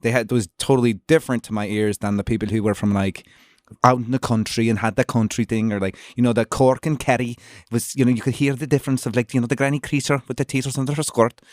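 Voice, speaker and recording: A man's voice: mid-range voice, steady tone, fast, no room sound. A man from Chicago, an actor as guest, talking loosely with many fillers and restarts. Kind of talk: casual interview chat.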